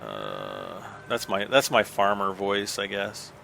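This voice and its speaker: A middle-aged man from the States rambles through casual gameplay commentary. His voice is bright and forceful, and his pitch rises and falls a lot. He keeps poking fun at himself, with faint game noise underneath. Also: big pitch swings, slow, creaky. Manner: rambling, self-deprecating, chuckles often. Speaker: gaming channel host.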